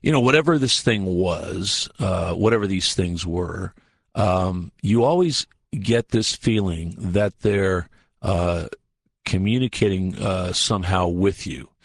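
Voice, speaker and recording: A man's voice: low voice, takes it slowly, vocal fry, dry recording. A man, a guest in a radio studio, telling a long story casually and animatedly, acting out what people said. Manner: animated, acts out quotes, frequent fillers and restarts. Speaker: radio show guest, researcher.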